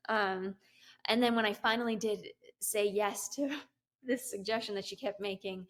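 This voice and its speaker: Her voice is mid-range and fairly bright, with fairly even intonation and a moderate pace. The middle-aged business coach and CEO, guesting on an interview show, recounts her story in a giggly, casual way with lots of fillers and laughs.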